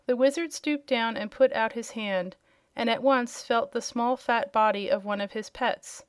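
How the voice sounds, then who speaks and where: A woman narrating a storybook in a clear, even read-aloud manner. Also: fairly high pitch, normal speed, no echo. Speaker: audiobook reader.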